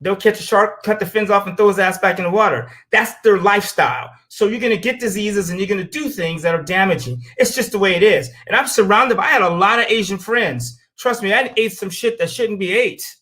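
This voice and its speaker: A man's voice: high voice, brisk, few pauses, sharp tone. Blunt, profane man ranting. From United States. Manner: tells stories with acted-out quotes. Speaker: show host. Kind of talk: opinionated monologue.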